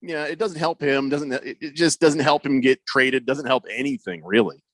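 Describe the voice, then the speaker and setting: A man hosting a sports radio show, chatting casually with his co-hosts and reading listener texts aloud with quick asides. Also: medium pitch, dry recording. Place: radio studio. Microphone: studio microphone.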